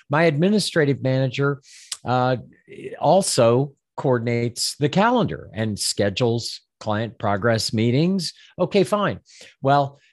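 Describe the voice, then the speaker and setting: An older man coaching financial advisors, talking at length in a loose, rambling way. He stumbles and repeats words, and now and then acts out a listener's objections before answering them. His voice sits in a middle pitch and sounds dry and close to the mic. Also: dry recording. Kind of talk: instructional talk.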